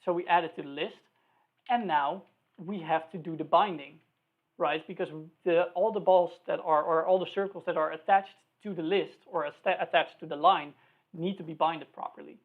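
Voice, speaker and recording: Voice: mid-range voice, fairly even intonation, normal speed. A programming instructor talking through live code, thinking aloud, spelling out each line, and correcting slips along the way. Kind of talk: live-coding tutorial. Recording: tinny phone-like recording.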